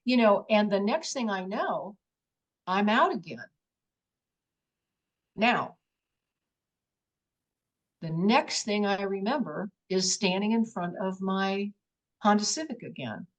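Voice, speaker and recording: A woman's voice: fairly low pitch, expressive, measured pace, pauses often. A middle-aged woman giving a personal testimony in an interview, telling her story with animation and acting out her own exclamations. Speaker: guest.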